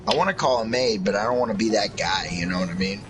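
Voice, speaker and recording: A man's voice: on the low side, fast, background noise. Profane rambling young man. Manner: rambling, profane, laughing often. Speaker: casual chat friend. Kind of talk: crude casual chat.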